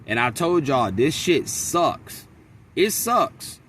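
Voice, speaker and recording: Vlogger, male, bright forceful tone, slightly raised pitch, blunt and profane, faint background noise. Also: takes it slowly. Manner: blunt, venting, profane, animated storytelling. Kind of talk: casual vlog monologue. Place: outdoors in a wooded area near a freeway.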